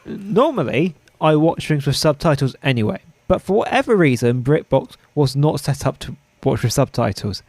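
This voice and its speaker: A man with a fairly high, very lively voice, bantering playfully with a co-host. The sound is dry and close to the mic. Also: no room sound. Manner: playful, teasing, quick interjections. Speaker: podcast co-host. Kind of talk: casual chat reviewing a TV serial.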